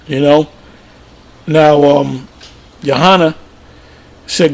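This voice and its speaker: A man's voice: fairly high pitch, fairly even intonation, slow pace, creaky, long pauses, slightly rough. A man giving informal religious commentary, plain-spoken and emphatic, often repeating himself. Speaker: preacher.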